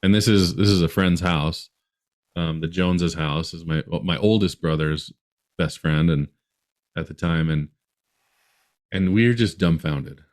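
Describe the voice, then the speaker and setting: A man's voice: low-pitched, unhurried, pauses often. A man from Utah, a podcast guest, telling a long story in a rambling way with many restarts.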